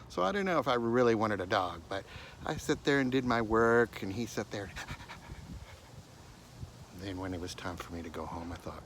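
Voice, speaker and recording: Animated low-voiced male storyteller. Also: normal speed, long pauses, slight background noise. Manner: animated, drops to hushed asides. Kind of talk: told story.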